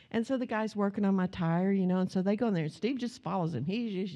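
A woman's voice: mid-range voice, a little fast. A woman preaching a sermon in a conversational, storytelling way, acting out the people in her stories. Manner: conversational, folksy, animated in quoted retellings. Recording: dull lo-fi sound.

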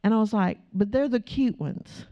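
Mellow-voiced woman preaching conversationally. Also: fairly high pitch, normal speed. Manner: chatty and storytelling, with asides to the congregation. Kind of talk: conversational sermon. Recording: dull lo-fi recording.

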